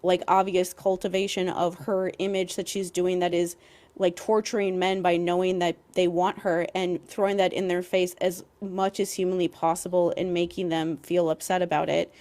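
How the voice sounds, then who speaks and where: Her voice is on the low side, level and darkish, delivered at a moderate pace. This young podcast co-host rants emphatically and heatedly, peppering it with "like" and some swearing.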